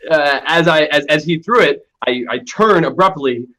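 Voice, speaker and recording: A man's voice: fairly high pitch, normal speed, fairly bright tone. A man playing a tabletop game, describing his character's actions with stumbling restarts. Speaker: player.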